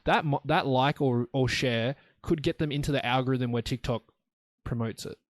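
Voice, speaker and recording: A man's voice: medium pitch, moderate pace, dry recording, studio quality. Blunt rambling young man. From Australia. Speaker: solo podcast host. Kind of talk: rambling casual monologue.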